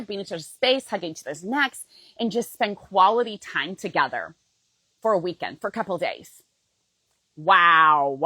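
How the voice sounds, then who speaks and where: A woman's voice: medium pitch, fairly bright tone, dry recording, rough recording. A middle-aged woman coach talking straight to her viewers in a heartfelt, emotional way, often checking in with "okay?". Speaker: fitness program coach. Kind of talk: heartfelt direct-to-camera pitch.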